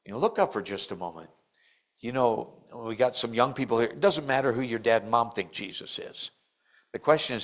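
An older man preaching a sermon in church, telling stories and acting out the people he quotes with big jumps in his voice. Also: fairly quick. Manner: animated storytelling, acts out quotes with big pitch jumps.

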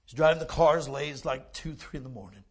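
A male preacher telling a folksy story in a sermon, often dropping to a hush. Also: a little high, steady tone, fast talker, slightly rough. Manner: folksy storytelling, drops to hushed tones.

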